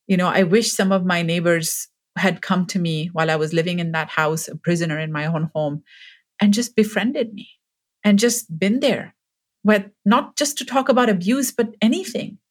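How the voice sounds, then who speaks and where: A woman in her forties, a podcast guest, telling a personal story in an earnest, increasingly emphatic way. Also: medium pitch. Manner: earnest, grows more emphatic and impassioned.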